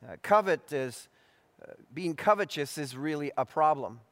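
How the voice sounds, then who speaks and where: A man with a fairly high voice preaches an expository sermon in a measured, deliberate way, often restarting and filling pauses. His voice carries a long reverb from a hall. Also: expressive, fairly bright tone. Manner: measured, deliberate delivery with frequent restarts and fillers.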